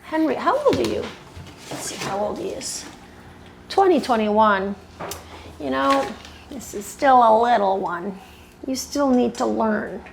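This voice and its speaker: A woman's fairly high voice, lively in intonation and measured in pace, carries vocal fry and long pauses, with a little hiss or hum. She's grooming a dog indoors for a tutorial, sweet-talking and firmly correcting it while chatting to viewers.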